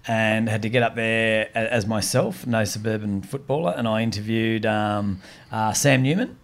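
A man with an Australian accent, telling a comedy gig story on a podcast in a casual, animated way and acting out the voices of the people in it. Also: on the low side, normal speed. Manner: animated, acts out quoted voices.

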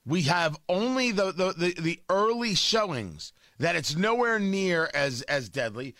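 Brash, bright-voiced talk radio host. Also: male voice, sits high, lively intonation, a little slow, no room sound, studio quality. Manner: brash, emphatic, joking asides. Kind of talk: opinionated talk radio monologue.

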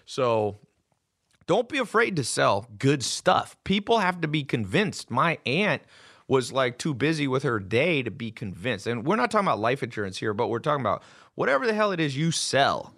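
Male host, brash storyteller, casual chat, mid pitch. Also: sing-song, normal speed, a bit bright. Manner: brash storytelling, swears freely. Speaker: podcast host. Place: studio table with guests.

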